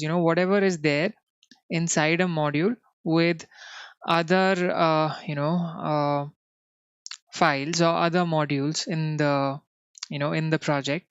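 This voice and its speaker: A coding instructor with an Indian English accent runs a live coding class in a smooth, unhurried voice that sits a little high, often saying "you know" and checking that viewers can keep up. The audio is dry and close, coming through a dull, lo-fi stream.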